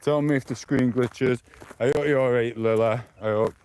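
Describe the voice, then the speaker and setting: This is a British man from the UK broadcasting live on his phone while out walking along streets, rambling and sounding defensive toward his audience. A slightly mellow voice of medium pitch keeps a fairly even intonation and moderate pace, with a touch of hiss or hum.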